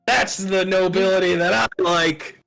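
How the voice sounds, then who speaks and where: A man's voice: high voice, fairly even intonation, a little slow, vocal fry, fairly bright tone, soft background music, voice pushed up, full character voice. A man voicing a cheerful, boastful halfling bard in a tabletop game. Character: cocky young halfling bard, thrill-seeking.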